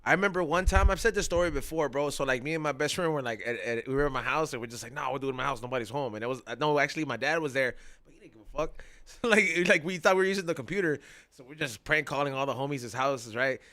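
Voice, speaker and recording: A man on a casual podcast telling a long, animated story, full of slang and laughter. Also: mid-range voice, fast talker, no room sound.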